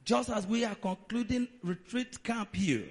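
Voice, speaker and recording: A man's voice: high voice, a little slow. A man preaching a sermon in a dramatic, emphatic way.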